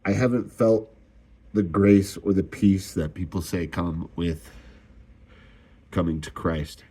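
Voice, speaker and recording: Distressed young man venting, low voice. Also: slow pace, mellow, breathy edge. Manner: raw, swearing, sighing often, voice rising when upset. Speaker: vlogger. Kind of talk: emotional confessional monologue.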